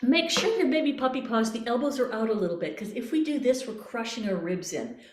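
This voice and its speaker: A woman's voice: fairly high pitch, expressive, a little fast, a little mellow, echoey room. A woman voice coach leading a workshop, guiding breathing exercises with playful images and encouragement. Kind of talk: online voice workshop.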